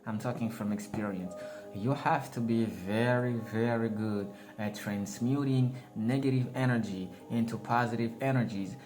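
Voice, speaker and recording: A spiritual vlogger gives a casual, rambling spiritual talk, slangy and often laughing at his own jokes. His voice is medium-pitched with a darkish tone, and background music plays.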